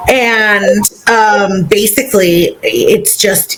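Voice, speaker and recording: A podcast co-host, a woman, retells a book chapter in a casual, giggly way. Her voice swings widely in pitch and she talks at an unhurried pace, with faint background hiss. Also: poor audio. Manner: animated, giggly storyteller.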